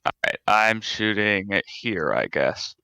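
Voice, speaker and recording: A man's voice: fairly low pitch, lively intonation, measured pace, vocal fry, a crowd in the background. A man playing in a tabletop game, wary and reluctant about the plan. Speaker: player.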